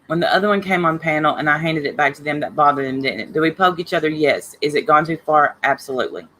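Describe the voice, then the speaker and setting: Low-pitched and a bit bright, she talks fast as a livestream host reading chat, greeting people by name and getting blunt and heated over online drama. The recording quality is low.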